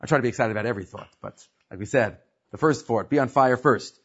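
A man teaching a Torah class, animated and full of rhetorical questions to his students. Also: mid-range voice, fast, slightly rough, highs cut off.

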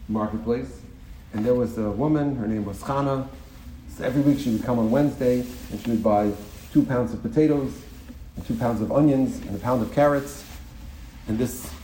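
A man tells a Hasidic tale as a sermon, his mid-pitched voice swelling from calm narration into emphatic bursts. The room gives his voice a noticeable echo. A faint hum of ambience sits underneath. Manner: animated storytelling, rising to emphatic bursts. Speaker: religious storyteller.

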